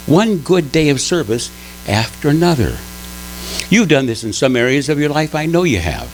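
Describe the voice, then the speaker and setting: A man giving a conversational sermon at a spiritual center, telling stories with lively pitch swings and frequent restarts. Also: a little hiss or hum, poor audio. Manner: animated storytelling, frequent restarts.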